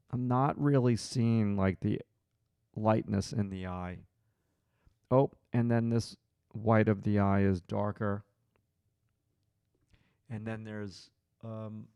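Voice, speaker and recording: A man's voice: on the low side, gravelly, warm tone, no room sound. A man hosting a live drawing stream, thinking aloud as he draws and chatting with viewers in his chat.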